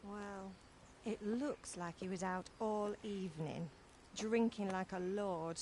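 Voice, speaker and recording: A woman's voice: medium pitch, takes it slowly, a little mellow, a little hiss or hum, close to an everyday voice. A woman playing a chiding village mother. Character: scolding village mother, middle-aged.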